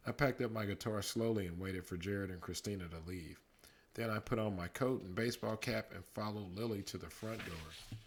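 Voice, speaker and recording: Low-voiced dad reading a bedtime story. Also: male voice, moderate pace, slight background noise.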